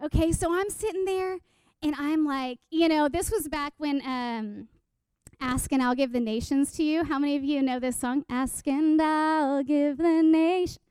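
A woman giving an animated personal testimony sermon, telling stories with quoted asides and questions to the audience. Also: high-pitched, moderate pace, no echo, clean studio sound. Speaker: speaker at a church gathering.

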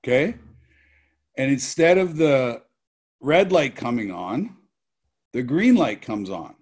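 A man's voice: medium pitch, very animated, slow pace, darkish tone, breathy edge. A man as an interview guest, telling a story in a laid-back way. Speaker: guest, former hockey player. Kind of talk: casual storytelling.

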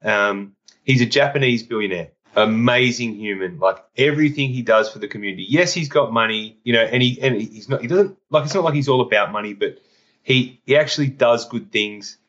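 A man with an Australian accent, a podcast host telling stories in animated casual chat, laughing often. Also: mid-range voice, fairly quick. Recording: dull lo-fi sound.

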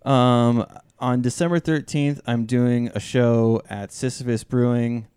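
A man's voice: medium pitch, steady tone, measured pace, a little mellow, clean tone, no room sound, clean studio sound. A man comedian in casual chat, easygoing and a little hesitant.

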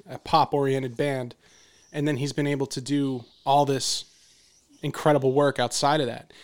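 A man's voice: medium pitch, clean tone. A man hosting a podcast, chatting in a rambling, easygoing way and laughing along with his guest. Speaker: podcast host. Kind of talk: casual podcast conversation.

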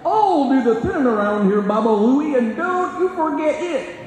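A man putting on the voice of an old cartoon cowboy horse in a slow comic drawl. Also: very high-pitched, lively intonation, darkish tone, slight background noise, voice pushed up. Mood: goofy boast. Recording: echoey convention hall, crowd behind.

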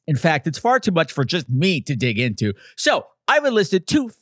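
A man from New York hosting a podcast, theatrical and campy with quick jokes. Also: a little high, huge pitch swings, a bit bright, dry recording, clean studio sound. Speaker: podcast host. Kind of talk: casual podcast chat.

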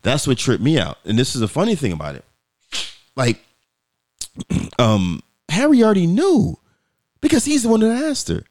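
A man's voice: a little high, wildly swooping pitch, moderate pace, long pauses, a little mellow. A man co-hosting a podcast, telling stories in a casual, profane way and acting out quoted voices. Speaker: podcast co-host.

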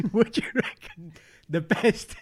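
A podcast co-host in casual chat who jumps in with quick, reactive comments. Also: medium pitch, animated, slightly rough.

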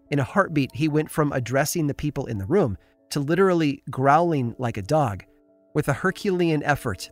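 Man narrating a dark history story. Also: medium pitch. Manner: measured, storytelling delivery with dramatic pauses. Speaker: podcast host and narrator. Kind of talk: scripted narration.

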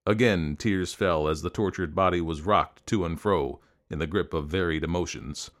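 A man narrating an audiobook in a measured, expressive storytelling manner. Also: low-pitched.

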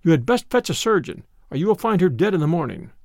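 A man's voice: a little high, sing-song, quick pace, no echo, studio quality. A man voicing a worried male valet.

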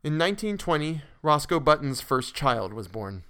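A man narrating a classic story for a podcast in a measured way, with occasional restarts. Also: a little high, big pitch swings, pushed and bright, clear, resonant tone.

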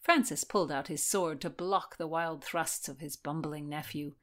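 Woman reading a historical story aloud, expressive, lowish voice. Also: moderate pace. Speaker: audiobook narrator. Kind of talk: scripted narration.

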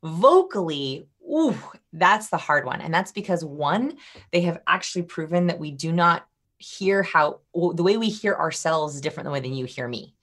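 In a low-pitched voice at normal speed, a woman being interviewed on a podcast discusses body language. Her delivery is animated, and she demonstrates by acting out a range of vocal tones.

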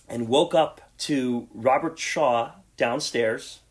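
A man's voice: medium pitch, normal speed. A man co-hosting a podcast, chatting casually about a film with frequent restarts. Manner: rambling, frequent restarts, laughs at own stories. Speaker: podcast co-host. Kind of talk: casual movie discussion.

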